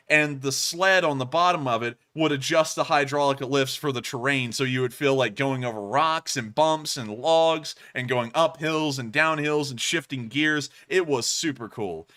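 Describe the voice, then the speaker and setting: Hosting a casual livestream, a man with a sharp, mid-range voice rambles and laughs a lot. He thanks his viewers using stock phrases.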